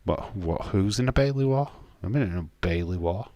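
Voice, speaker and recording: This is a Yorkshire-accented man from Castleford, England, with a low, mellow, expressive voice at normal speed and a dry recording. Hosting a live stream, he chats casually and bluntly, swearing freely and restarting sentences. The talk is a relaxed watch-along where he reads viewer comments.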